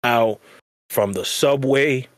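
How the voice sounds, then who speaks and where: A man's voice: medium pitch, takes it slowly, no echo. A man co-hosting a podcast, rambling in casual slang with many restarts. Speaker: podcast co-host. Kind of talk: casual chat.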